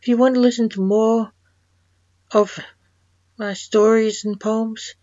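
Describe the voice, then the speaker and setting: A woman podcast host, a poet and author, reading her own rhyming spooky stories with a measured storytelling cadence. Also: a little high, steady tone, dark tone, no room sound. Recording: dull lo-fi dry recording.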